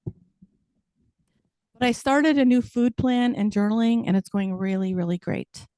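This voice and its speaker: A woman's voice: a little high, slow, mellow, dry recording. Wry woman doing stand-up, dry close sound. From United States. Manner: wry, self-deprecating punchlines. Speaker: stand-up comic. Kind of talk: stand-up comedy set.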